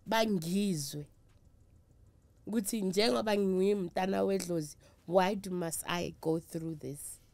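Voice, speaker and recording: A woman's voice: fairly low pitch, unhurried, creaky, darkish tone, dry recording. A middle-aged woman with a South African accent, a traditional healer talking candidly in an interview, emphatic and emotional. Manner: mixes English with Zulu and Sotho, emphatic and emotional.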